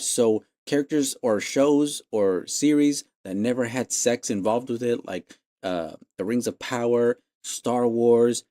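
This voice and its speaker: A man's voice: mid-range voice, unhurried, hardly any pauses, dark tone, no echo, clean studio sound. A man hosting a podcast, ranting casually with lots of swearing and exasperated laughs. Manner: profane, exasperated, laughs mid-sentence. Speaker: podcast host.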